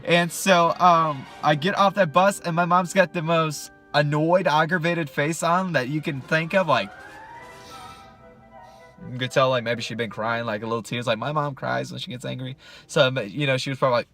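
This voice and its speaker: A man's voice: fairly high pitch, fairly even intonation, normal speed, bright, forceful tone, soft background music. A man telling a funny childhood story in a casual vlog, talking animatedly and joking straight to the camera.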